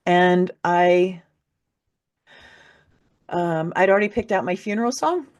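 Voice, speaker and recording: A woman guest on a podcast, an author, recounts something personal and emotional in a slow, low, slightly mellow voice. Her telling is frank and profane, with laughter breaking through the difficult moments.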